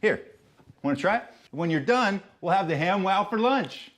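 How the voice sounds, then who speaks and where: A man's voice: high voice, animated, moderate pace, fairly bright tone. An actor playing a crude, smug man at home in a parody ad.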